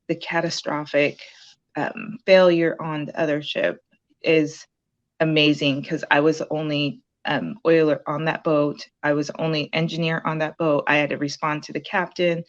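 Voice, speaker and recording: A woman with a low voice recounts her experience in a relaxed interview. She rambles with many "um"s and restarts. The sound is dull and lo-fi, like a call. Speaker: program graduate sharing her story. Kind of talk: casual interview testimonial.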